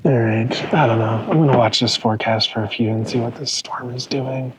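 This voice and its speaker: A man vlogs casually while camping outdoors in a truck bed, chatty and poking fun at himself, often laughing at his own expense. His mid-range voice is fairly quick with fairly even intonation, and there's background noise.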